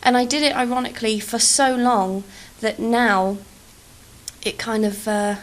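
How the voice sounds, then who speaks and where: A woman's voice: on the high side, steady tone, unhurried. Self-mocking English woman, half posh half Cockney. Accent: English, between posh and Cockney. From England. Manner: rambling, self-deprecating, swears freely. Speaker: YouTuber. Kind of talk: casual voice-over chat over gameplay.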